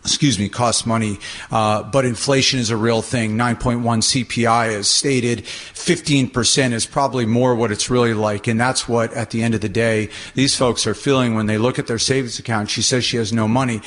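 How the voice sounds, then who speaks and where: A man's voice: medium pitch, fairly even intonation, normal speed, hardly any pauses, fairly bright tone. Earnest man pleading before a council. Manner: earnest, formal appeal. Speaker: property manager and landlord. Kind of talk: public comment at a city council meeting.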